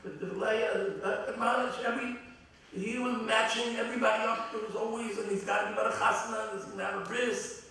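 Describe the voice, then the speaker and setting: Man, middle-aged, rabbi, eulogy, heartfelt, halting, booming hall echo, faint background hum. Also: fairly even intonation, gravelly, bright, forceful tone. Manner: heartfelt, halting, with many restarts. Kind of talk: eulogy at a memorial gathering. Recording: very echoey hall from far off.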